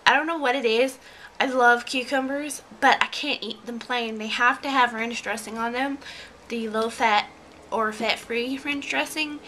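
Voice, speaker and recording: A woman's voice: on the high side, bright, forceful tone, a little hiss or hum, rough recording. A young woman from Georgia chatting casually in a vlog, rambling with lots of fillers and little laughs. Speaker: beauty vlogger. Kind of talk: casual tag video chat.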